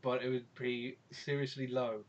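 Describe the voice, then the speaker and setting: A man's voice: medium pitch, flat delivery, normal speed, lo-fi sound. A man playing a tabletop game, joking drily in and out of character. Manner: dry, playful, joking. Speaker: player. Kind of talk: tabletop role-play, in and out of character.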